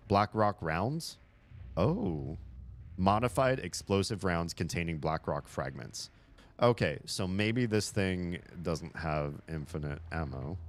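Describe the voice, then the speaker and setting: A young man with a deep, low voice talks his way through a horror game in loose, casual commentary. He swears freely and laughs at his own jokes as he goes. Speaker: streamer playing a horror game. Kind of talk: casual let's-play commentary.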